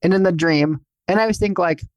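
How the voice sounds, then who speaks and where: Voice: mid-range voice, quick pace, dry recording, dull audio. A speaker in a casual spiritual podcast conversation, talking chattily in a self-mocking way with lots of fillers.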